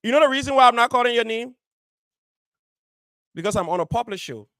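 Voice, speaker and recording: A man's voice: very high-pitched, animated, a little fast, fairly bright tone, smooth, no echo. A man hosting a community show, speaking straight to his audience with firm emphasis and repeating key phrases. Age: adult, married. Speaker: radio show host. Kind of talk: direct address on a community show.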